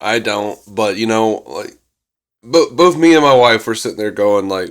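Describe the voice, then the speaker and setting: A man's voice: fairly low pitch, lively intonation, moderate pace. A man co-hosting a podcast in casual review chat, blunt and wry, laughing and swearing casually. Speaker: podcast co-host.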